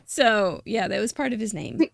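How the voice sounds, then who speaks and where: A woman's voice: on the high side, creaky. A woman hosting a live crafting show, chatting casually, teasing her guest and laughing often. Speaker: host. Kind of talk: casual live-stream chat.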